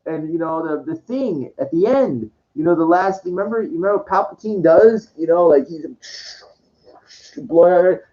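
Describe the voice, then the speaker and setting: A man's voice: on the high side, expressive, normal speed, mellow. A man rambling in a casual monologue, swearing, stammering and restarting his sentences, on a dull lo-fi recording. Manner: profane, stammering, full of restarts.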